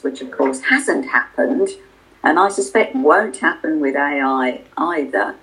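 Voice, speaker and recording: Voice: mid-range voice, unhurried, a bit bright, low-quality recording. A podcast co-host in casual conversation, meandering and self-deprecating while asking a question.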